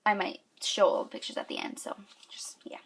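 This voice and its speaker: A woman's voice: fairly quick, in a whisper. A young woman from New York telling a story to camera with lots of fillers, gushing and squealing when she quotes people. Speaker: vlogger.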